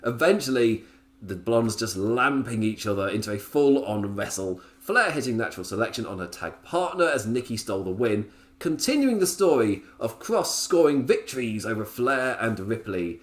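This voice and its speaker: Male podcast host, casual and rambling, laughs often, very animated delivery. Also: medium pitch, normal speed. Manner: rambling, laughs often between points, goes off on tangents. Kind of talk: casual solo review podcast.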